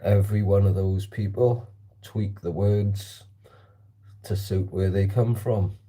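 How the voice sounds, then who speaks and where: A man's voice: lowish voice, fairly even intonation, slow, dark tone. A man vlogging casually while shooting targets with a slingshot, chatting and answering viewer comments. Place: indoor hallway.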